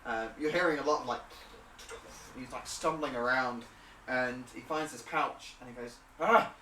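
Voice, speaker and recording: A man's voice: mid-range voice, steady tone, normal speed, sharp tone, a little hiss or hum. A man narrating a tabletop game as game master, rambling with many fillers and hesitations. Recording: roomy and distant.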